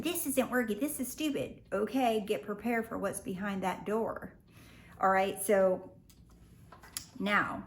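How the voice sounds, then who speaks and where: A woman in a casual talk to camera, speaking as a spiritual life coach. Her delivery is lively and full of slang, and she jumps into other people's voices as she quotes them. A faint hiss of background noise sits under her voice. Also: mid-range voice.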